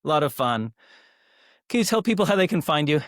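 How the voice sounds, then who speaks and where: Easygoing host from New Zealand, mid pitch, dry close mic. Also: big pitch swings, brisk, no echo. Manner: easygoing, laughs along. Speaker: podcast host. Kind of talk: casual podcast chat.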